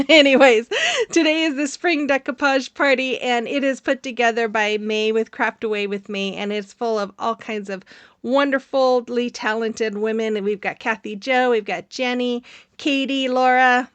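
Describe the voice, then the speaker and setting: A woman's voice: fairly high pitch, no room sound. A woman hosting a craft channel, narrating her project in a casual, rambling voice-over with many fillers and frequent laughs.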